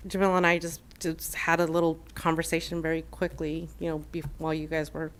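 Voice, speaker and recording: In a council chamber, a shelter program manager gives an earnest, emotional public comment at a city council meeting, full of fillers and restarts. Her voice is low-pitched and she speaks fairly quickly, with a completely flat delivery.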